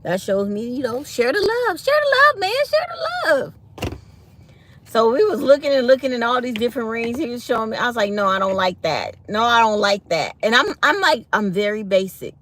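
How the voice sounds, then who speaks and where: A woman vlogger telling a personal story in a casual, animated way, laughing often and quoting others. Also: on the high side, a little fast, hardly any pauses, slight background noise.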